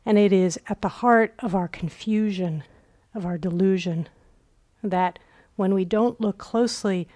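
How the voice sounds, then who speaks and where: Woman teacher telling a dharma story, unhurried and soft-toned, acts out the voices in it. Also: medium pitch. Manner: reflective storytelling, acts out quoted inner voices. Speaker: meditation teacher. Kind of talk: dharma talk. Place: retreat center meditation hall.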